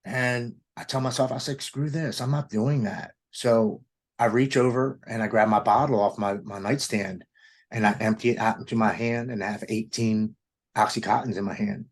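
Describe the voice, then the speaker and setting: A man in his forties from Maryland recounts his testimony to an interviewer. His voice sits on the low side and has a husky edge. He tells the story earnestly and with feeling, often quoting his own past thoughts aloud. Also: fairly even intonation, normal speed. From Maryland, United States. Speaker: guest telling his testimony.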